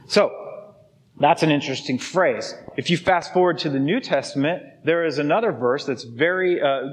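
Speaking at medium pitch with a slightly rough edge, a pastor delivers a sermon to his congregation in the church sanctuary. The live hall gives long reverb, and he talks conversationally, constantly tossing in "okay?" and "right?".

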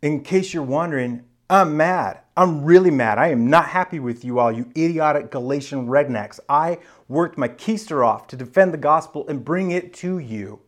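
An exasperated apostle, a man, scolds his flock at full volume, as a preacher acts him out. His voice rises higher and harder as he berates them in a sermon retelling. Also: lively intonation, normal speed, a little mellow, natural voice. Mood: angry.

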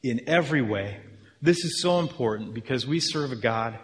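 Animated male preacher in a reverberant hall. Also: medium pitch, moderate pace. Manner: animated, acts out reactions of listeners. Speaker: pastor. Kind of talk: sermon.

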